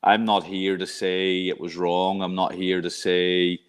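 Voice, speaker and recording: A middle-aged man from Ireland who coaches at college level, speaking in a very low voice. He talks in a reflective, unhurried way, full of fillers and restarts, as though working his thoughts out aloud. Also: completely flat delivery, clean tone. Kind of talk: casual interview talk.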